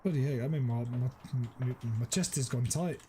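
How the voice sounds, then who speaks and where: A man streaming a game, chatting casually and teasing his viewers, quick to exclaim. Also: medium pitch, background noise. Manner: excitable, teasing, exclaims often. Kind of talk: casual live-stream chat.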